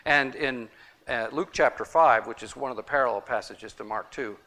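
Male Bible teacher, bright voice, emphatic, repeats for emphasis. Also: mid-range voice, moderate pace. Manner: emphatic, repeats key points. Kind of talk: Bible study teaching with audience.

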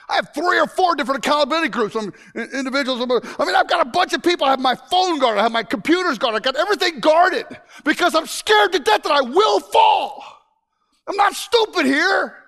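A man with a high, light voice delivers a sermon to a congregation. He jokes and teases, breaks into sudden shouts, then drops to quiet, urgent asides. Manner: animated and joking, with sudden shouts and hushed asides. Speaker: preacher.

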